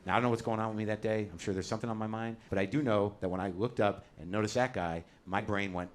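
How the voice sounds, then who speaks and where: A man's voice: lowish voice, fast, hardly any pauses, fairly bright tone, a little hiss or hum. A middle-aged man doing a stand-up set on a club stage, ranting and swearing with self-deprecating bite. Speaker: stand-up comedian. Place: comedy club stage with audience.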